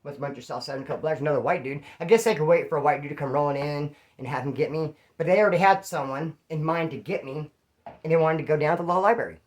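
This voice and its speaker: A former inmate with a slightly high voice talks fast, telling casual stories laced with slang and profanity. He acts out the lines of the people in them as he goes.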